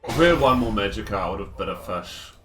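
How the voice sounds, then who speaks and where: A man's voice: on the low side, expressive, fast talker, a bit bright, soft background music. A man streaming a card game, thinking aloud in a wry, self-mocking, casual way. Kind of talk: casual gameplay commentary.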